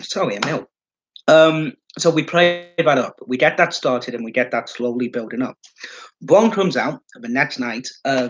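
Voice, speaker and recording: A man's voice: mid-range voice, fairly bright tone, poor audio. Rambling, profane guy. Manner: rambling and profane, lots of fillers. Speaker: wrestling fan vlogger. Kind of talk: casual solo commentary.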